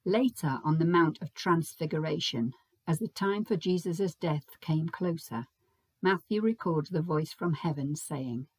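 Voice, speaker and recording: A woman preaching a Sunday sermon in a measured, gentle and reflective way. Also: low-pitched, slightly rough, dry recording. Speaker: preacher leading a Sunday service.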